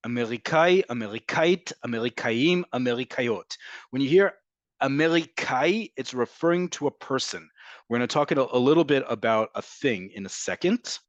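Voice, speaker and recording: A man teaching an online class, patiently explaining and slowly repeating words to model how they sound. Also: mid-range voice, animated, no room sound, highs cut off. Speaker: Hebrew teacher.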